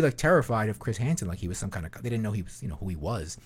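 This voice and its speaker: A man's voice: lowish voice, sing-song, very fast, hardly any pauses, husky. A man hosting a podcast in a casual, rambling way, full of fillers and swearing. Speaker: podcast host. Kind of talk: casual chat.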